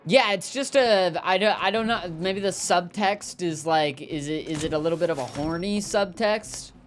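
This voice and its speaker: A man talks loosely over his gameplay, riffing on whatever comes to mind. His delivery is jokey and wandering, full of little fillers and restarts. Quiet game music sits underneath. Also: high voice, moderate pace. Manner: rambling, jokey, lots of fillers. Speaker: gaming streamer. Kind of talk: casual gameplay commentary, reading chat.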